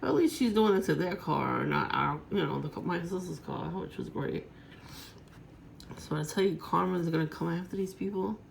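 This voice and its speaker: A woman's voice: fairly low pitch, animated, normal speed, gravelly, a little hiss or hum. A woman vlogger telling a long, aggrieved story in a rambling, profane, casual monologue.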